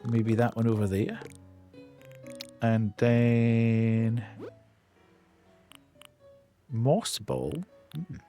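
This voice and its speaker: Male streamer, unhurried casual commentary, faint music bed. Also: medium pitch, steady tone, creaky, warm tone. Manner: chatty, muttering to himself while playing.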